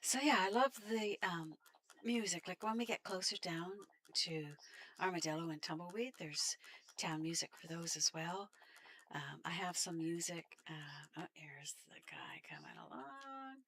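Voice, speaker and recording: Here a female game streamer with a Canadian accent, from Canada, talks casually while she plays, laughing often and speaking to on-screen enemies. Her fairly low voice is a bit bright, with fairly even intonation and a measured pace.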